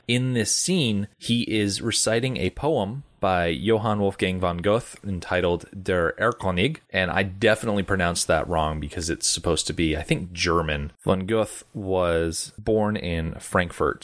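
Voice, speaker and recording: A man co-hosting a casual film commentary podcast, chatting and reading a poem aloud in a measured way. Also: low voice. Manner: relaxed, reads poem aloud in measured cadence. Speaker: podcast co-host.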